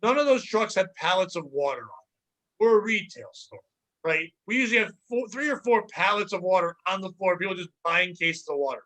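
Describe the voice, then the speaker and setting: A man hosting a comedy podcast, telling profane, animated stories and acting out customers. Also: high voice, a little fast. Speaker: podcast host and stand-up comedian. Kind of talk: casual comedic storytelling.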